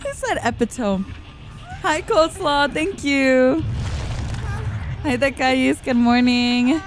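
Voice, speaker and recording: A woman's voice: high voice, takes it slowly, over music. A woman streamer casually chatting with her viewers while playing a game, laughing often and reading the chat aloud.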